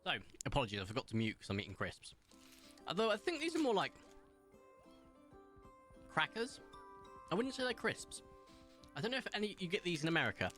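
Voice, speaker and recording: A man's voice: a little high, huge pitch swings, a little fast, pauses often, sharp tone, soft background music. A young British man streaming live and chatting casually, rambling with lots of fillers and restarts.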